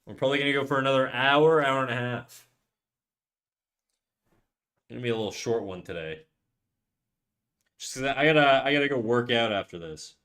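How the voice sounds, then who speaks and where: A Canadian streamer with a medium-pitched voice talks at a normal speed, pausing often, as he draws on a livestream. He rambles and chats casually with viewers, frequently sinking into quiet muttering while he works.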